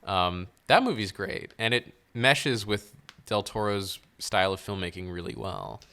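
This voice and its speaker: A man's voice: lowish voice, very animated, a little slow, sharp tone. A man co-hosting a podcast, talking casually and rambling with lots of fillers and laughs. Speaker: podcast co-host. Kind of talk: casual chat.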